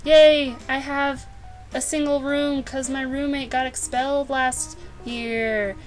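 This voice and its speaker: A woman's voice: high-pitched, little pitch movement, slow pace, faint music behind, voice pushed up. A woman putting on a bubbly, moody teen girl.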